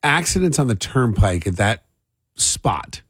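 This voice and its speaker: Chatty husky-voiced New radio man. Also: medium pitch, big pitch swings, a little slow, no echo. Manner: chatty, rambling, opinionated. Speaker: radio show host. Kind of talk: casual morning radio banter.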